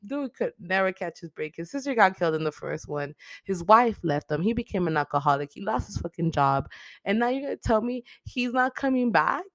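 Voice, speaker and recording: A woman's voice: mid-range voice, expressive, brisk, no echo, clean studio sound. A woman hosting a casual movie recap, retelling the plot with constant swearing, fillers and emotional outbursts.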